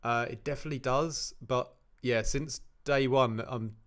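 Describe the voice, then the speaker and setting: A man's voice: mid-range voice, fairly even intonation, moderate pace, a bit bright. A man hosting a livestream, giving chatty, encouraging feedback on remixes with frequent restarts. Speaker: livestream host reviewing remixes. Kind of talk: casual livestream commentary.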